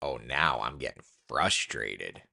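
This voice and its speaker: A man's voice: a bass voice, animated, slow pace, gravelly, sharp tone. A man hosting a casual weather live stream, chatty and joking with viewers as he reads through the forecast. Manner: chatty, talks to the computer in mock frustration.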